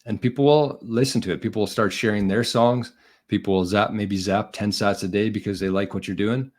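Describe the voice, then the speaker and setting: Casual low-voiced male podcast host. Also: steady tone, a little fast. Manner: rambling, encouraging, conversational with restarts. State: out of breath. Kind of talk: casual solo livestream advice.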